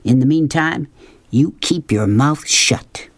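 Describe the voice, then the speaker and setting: A woman reading a storybook aloud, voicing a gruff grown man who talks in a hushed, conspiratorial way. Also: low voice, takes it slowly, no echo. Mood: secretive.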